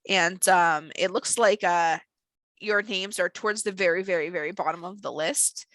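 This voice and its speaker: A woman narrating as game master of a tabletop role-playing game, relaxed, with many fillers. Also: lowish voice, moderate pace, no room sound, low-quality recording.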